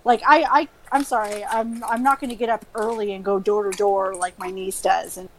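A woman in casual group chat, animated and sarcastic, swearing freely. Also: mid-range voice, normal speed, a little hiss or hum, poor audio.

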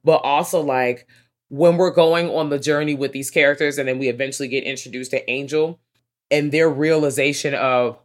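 A woman's voice: very deep voice, fairly even intonation, moderate pace. A woman co-hosting a casual film discussion, chatty and profane, retelling scenes with animation.

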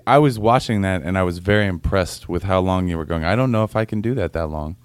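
A man in casual comedy banter, speaking softly and hesitantly. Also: deep voice, fast talker, smooth, dry recording.

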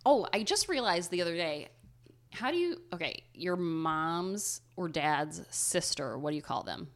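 Woman, Cleveland accent, nasal, low-ish voice, casual podcast storytelling. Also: lively intonation, measured pace. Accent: Cleveland, Ohio. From Ohio, USA. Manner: chatty, swears casually, nasal vowels. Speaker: podcast co-host.

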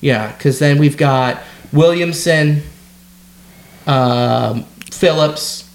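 High-voiced excitable man, roomy echo. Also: very slow. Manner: excitable, swears freely, restarts phrases. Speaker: podcast co-host. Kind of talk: casual sports chat.

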